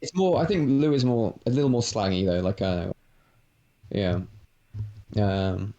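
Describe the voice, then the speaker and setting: A man's voice: lowish voice, fairly even intonation, measured pace, muffled recording, crowd noise. Laid-back English man chatting. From England. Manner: laid-back, laughs often, swears casually. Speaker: guest. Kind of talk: casual chat.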